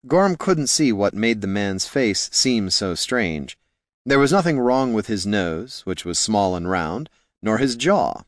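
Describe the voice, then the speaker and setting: Male audiobook narrator, lower voice, wry dry delivery, close dry studio sound. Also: animated, moderate pace, no echo.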